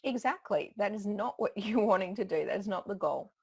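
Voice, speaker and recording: A woman coaches on public speaking in a relaxed, conversational way, breaking into laughs as she explains. Her voice has a gravelly, creaky edge, and her pitch sits in an ordinary middle range. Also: a little fast. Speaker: public speaking trainer, guest. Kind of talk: conversational expert advice.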